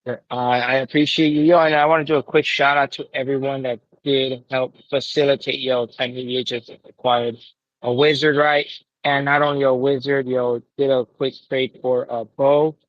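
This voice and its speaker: A man's voice: mid-range voice, level tone, normal speed, dry recording. A man chatting in a laid-back way on a livestream, often saying "yo". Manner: laid-back, says "yo" a lot. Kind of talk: casual livestream chat. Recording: dull lo-fi audio.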